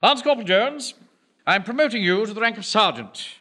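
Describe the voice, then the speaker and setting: A pompous, self-important bank manager in a period sitcom. His voice is bright and forceful, rising and falling a lot as he gives orders. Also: high voice, lively intonation, brisk, full character voice. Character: pompous middle-aged male bank manager and platoon officer.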